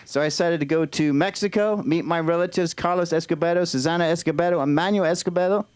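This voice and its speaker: High-voiced English stand-up comic. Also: male voice, fast, a little mellow, slight background noise. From Britain. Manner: chatty, tries lines out, restarts often. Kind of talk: open mic stand-up. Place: small comedy club stage.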